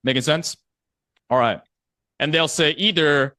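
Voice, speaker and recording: A man's voice: fairly high pitch, unhurried, sharp tone, no echo, clean studio sound. A man teaching a live online sales training in a conversational way, often acting out a prospect's replies and checking in with his audience. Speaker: sales coach.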